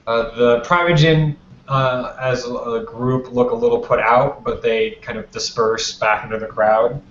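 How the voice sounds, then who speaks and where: A man's voice: medium pitch, steady tone, a little slow, fairly bright tone. A man narrating as game master in a tabletop game, telling the scene in a loose, conversational way. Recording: roomy, dull lo-fi, faint noise.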